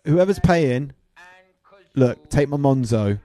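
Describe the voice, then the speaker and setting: A man's voice: mid-range voice, lively intonation, slow pace, warm tone. A man hosting a DJ livestream, rambling and joking, swearing freely and trailing into asides. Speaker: DJ livestream host.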